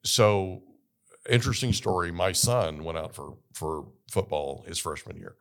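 A middle-aged man hosting an interview, telling a lively story and acting out the dialogue. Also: deep voice, a little slow. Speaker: podcast host.

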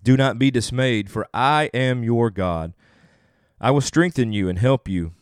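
A man's voice: mid-range voice, a little slow, clean tone, no room sound, studio quality. A young adult man, a pastor, delivering an earnest sermon with emphatic, repeated phrases.

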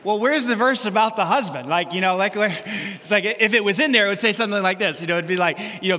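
A man preaching a sermon as pastor, animated and humorous, acting out quotes from everyday life. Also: high voice, fairly quick, big-room sound, slight background noise.

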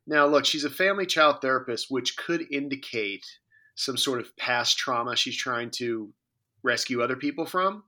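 A man's voice: mid-range voice, normal speed, sharp tone. A man co-hosting a podcast in casual chat, joking and rambling with many fillers and restarts. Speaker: podcast co-host.

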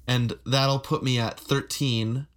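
A man's voice: medium pitch, slow. Easygoing man chatting on a podcast. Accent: flat Midwestern. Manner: relaxed, rambling, laughs often. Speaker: podcast co-host. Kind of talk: casual chat.

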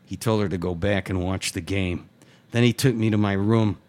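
A man, a writer, reading his own first-person short story aloud in a steady, matter-of-fact way. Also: sits low, moderate pace.

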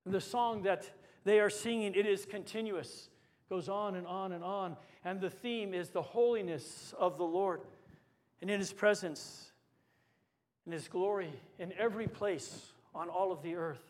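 A man, a pastor, preaching a sermon with swings between forceful lines and hushed, quiet emphasis. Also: high-pitched, measured pace. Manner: dynamic preaching, dropping to hushed tones for emphasis.

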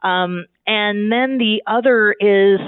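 Chatty high-voiced man on a thin line. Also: slow, clear, resonant tone, dry recording. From Southern California. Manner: chatty, animated storyteller with frequent restarts. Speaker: guest, divinity student. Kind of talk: casual conversation. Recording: thin phone-like dry line.

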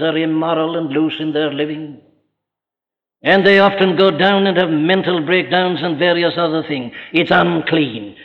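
High-voiced preacher in an echoing hall. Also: male voice. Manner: emphatic, rhetorical questions, slows for scripture. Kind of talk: sermon. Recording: old lo-fi recording in a reverberant hall.

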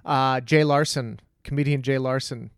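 A man, a comedian, rambling in casual podcast chat, self-deprecating and animated when telling stories. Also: mid-range voice, normal speed, clean tone, dry recording, clean studio sound.

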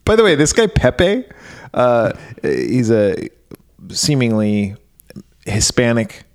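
Very animated, joking male podcast host. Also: mid-range voice, slow. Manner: profane, laughing, jokey. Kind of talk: casual movie discussion.

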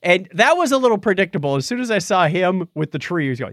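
A man chatting casually on a podcast, his voice swinging widely in pitch as he recaps scenes. He acts out quoted lines and laughs often. The sound is dry and close. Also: sing-song, fast, fairly bright tone, no echo. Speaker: podcast host. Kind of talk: casual chat recapping a TV episode.

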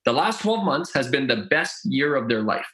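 A man's voice: medium pitch, very animated, moderate pace, a bit bright, poor audio. A man with a Canadian accent, a guest on a podcast, talking earnestly with stumbling restarts. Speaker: podcast guest, real estate investor. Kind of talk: casual conversational interview.

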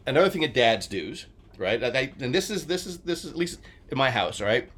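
A man in his forties from New Jersey, co-hosting a casual chat and telling stories he acts out with shouts. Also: medium pitch, brisk. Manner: animated storyteller, acts out shouts. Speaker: podcast co-host.

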